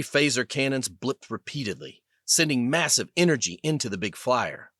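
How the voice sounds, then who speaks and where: Guy reading an audiobook, really lively up and down, dry close studio sound. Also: mid-range voice, moderate pace, no room sound. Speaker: audiobook narrator. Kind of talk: scripted narration.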